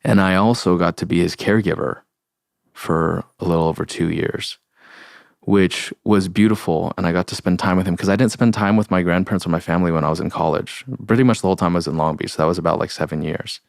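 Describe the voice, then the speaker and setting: A young man with a deep voice and a gravelly edge speaks as a podcast host, earnest and heartfelt. He talks in a halting way. The sound is dry, with no room around it. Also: fairly even intonation, no room sound. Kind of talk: solo reflective podcast talk.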